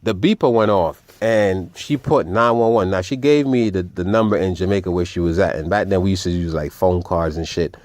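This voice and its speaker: Low-voiced guy telling a wild story, animated, swears a lot, keeps saying family. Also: a little fast, hardly any pauses, no room sound. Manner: animated, profane, addresses listeners as family. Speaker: vlogger. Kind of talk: personal storytelling.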